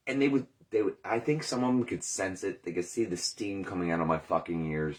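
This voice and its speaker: A man's voice: on the low side, brisk, fairly bright tone. A man in recovery telling his story in a candid, rambling monologue, swearing often and questioning himself aloud. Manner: rambling, profane, self-questioning.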